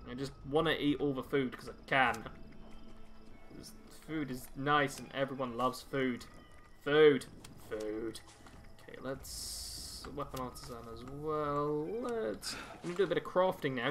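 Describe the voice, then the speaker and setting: A man's voice: mid-range voice, moderate pace, a bit bright, slight background noise. A man chatting casually while streaming a game and reading viewer messages aloud. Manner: chatty, reads chat aloud while playing. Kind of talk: casual live-stream commentary.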